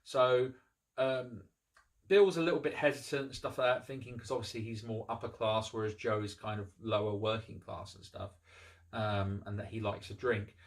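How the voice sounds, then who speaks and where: A man hosting a casual movie review, retelling the plot in a relaxed way with frequent ums and restarts. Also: lowish voice, normal speed.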